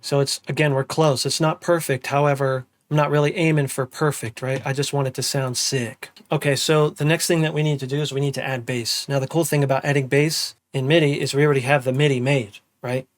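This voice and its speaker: A young man giving a casual music production tutorial, humming drum patterns out loud as he works. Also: medium pitch, a little fast, hardly any pauses, noisy background. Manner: relaxed, hums and sings drum parts aloud. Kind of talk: casual screen-recorded tutorial.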